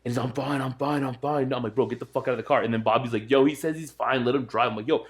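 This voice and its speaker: A man's voice: medium pitch, steady tone, very fast. A young man co-hosting a podcast, telling a story in casual chat and acting out his friends' voices. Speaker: podcast co-host.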